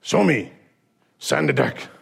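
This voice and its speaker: A man's voice: medium pitch, expressive, takes it slowly, gravelly, slightly rough, heavily acted. A man voicing a strict older male karate master in clipped, broken commands during a sermon illustration. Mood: stern.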